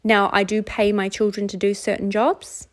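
A woman's voice: medium pitch, flat delivery, moderate pace. A middle-aged woman from New Zealand hosting a casual solo podcast, talking candidly and conversationally with repeated phrases and self-mocking laughs. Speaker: podcast host.

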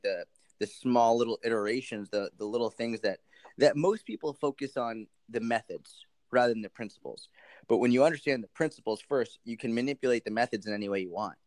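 A man speaking as a podcast guest on nutrition, animated and rambling with many restarts. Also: medium pitch, brisk, no room sound. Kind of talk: casual interview chat.

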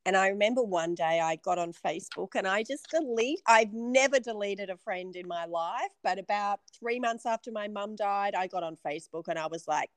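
A woman's voice: mid-range voice, normal speed, few pauses, dry recording. Woman host chatting, laughs easily, mid voice, dry close sound. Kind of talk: casual chat.

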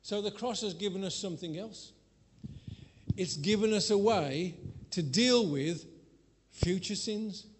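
A man preaching to a congregation and telling a candid personal story with self-mocking humor and sudden changes in loudness. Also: high-pitched, measured pace, a little hiss or hum. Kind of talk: sermon.

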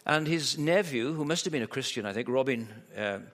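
At a church camp, a man preaches in a large hall with long reverb, telling a story vividly and driving home his points through emphatic rhetorical questions. His medium-pitched voice is brisk, fairly bright and lively in intonation.

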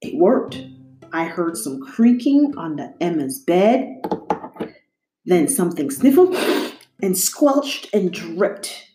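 A woman reading a children's picture book aloud in an expressive, animated storytelling manner. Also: on the low side, slow, long pauses. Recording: roomy echo, faint music behind.

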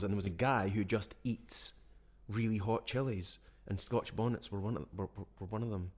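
A man in his forties co-hosting a podcast in casual chat, laughing often, recorded in a room with high ceilings. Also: steady tone, moderate pace. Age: 40s. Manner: laughs often, chatty and self-mocking. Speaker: podcast co-host. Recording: echoey room.

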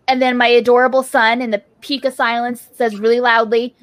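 A woman with a fairly high voice tells a story in a casual chat, recorded dry. She talks with many fillers as she recounts it. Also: level tone, brisk, few pauses, dry recording. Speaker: panelist.

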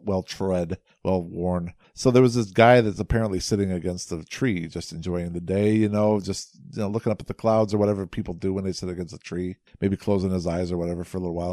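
A man with a fairly low voice talks frankly on a podcast, wandering through his thoughts and telling a fable in a loose, conversational way. The sound is dry and close, with almost no room around him. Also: warm tone, no room sound. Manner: frank, rambling storyteller. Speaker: podcast co-host. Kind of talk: casual conversational dialogue.

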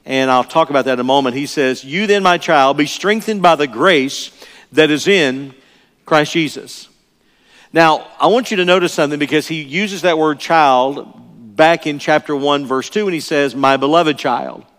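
A man's voice: a little high, moderate pace, a bit bright. Older man preaching in a reverberant church. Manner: earnest, emphatic, repeats key phrases. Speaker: pastor. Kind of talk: sermon. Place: church sanctuary. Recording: long reverb of a large church hall.

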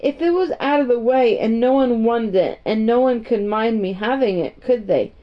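A woman voicing a young girl in a storybook reading, with a high, eager, earnest girlish voice. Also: animated, moderate pace, lightly acted. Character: young English girl, anxious and determined. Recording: muffled lo-fi recording.

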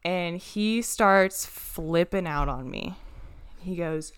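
Smooth-voiced woman telling a rambling story. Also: fairly low pitch, slow. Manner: animated storyteller, swears freely, acts out quoted voices. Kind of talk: casual podcast chat.

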